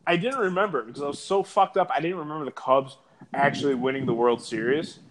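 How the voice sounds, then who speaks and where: A man's voice: on the high side, quick pace, noisy background. Rambling, profane man telling stories. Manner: rambling, profane, animated storytelling. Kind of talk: casual chat.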